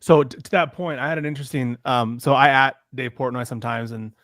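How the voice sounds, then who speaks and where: Man, fast-talking, dry close sound, casual political chat, animated storyteller. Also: medium pitch, no echo. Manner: animated storyteller, reads out messages. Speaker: podcast co-host.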